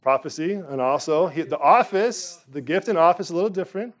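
A man's voice: fairly high pitch, fairly quick. Emphatic man preaching a sermon. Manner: animated, emphatic preaching with sudden loud rises. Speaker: pastor.

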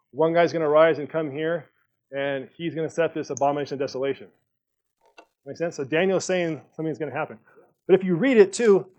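A man teaching a Bible study in a relaxed, conversational way, thinking aloud with fillers and restarts. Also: a little high. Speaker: pastor. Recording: dull lo-fi sound.

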